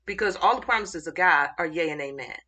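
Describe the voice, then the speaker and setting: A woman giving an informal Bible teaching, excited and halting as she searches for verses mid-thought. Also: fairly low pitch, a little hiss or hum.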